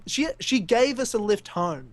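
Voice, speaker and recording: A young Australian man telling a lively story on a casual podcast, laughing often. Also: high voice, unhurried, a little hiss or hum. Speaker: podcast co-host.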